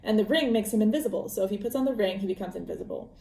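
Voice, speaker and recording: A woman's voice: medium pitch, rapid-fire, warm tone. A woman hosting a podcast, retelling a book's story in a chatty, rambling way full of fillers. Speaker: podcast host. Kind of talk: casual book recap. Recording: roomy echo.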